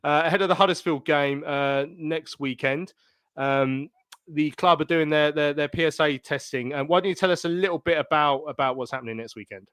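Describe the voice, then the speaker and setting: A man's voice: fairly high pitch, brisk, fairly bright tone, clean tone, no echo. A man hosting a casual fan podcast, talking with frequent hesitant fillers. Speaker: podcast host.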